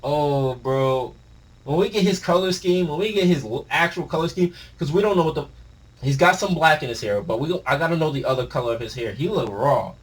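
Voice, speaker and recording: A man reading a manga aloud and reacting, talking in a casual, slangy, excitable way. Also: a little high, quick pace. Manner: excitable, slangy, breaks into shouts and laughs.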